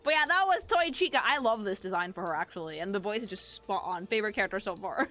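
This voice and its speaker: Bright, foul-mouthed excitable streamer woman. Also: mid-range voice, fast talker, soft background music. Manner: excitable, crude, swears a lot. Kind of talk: reacting to animations on stream.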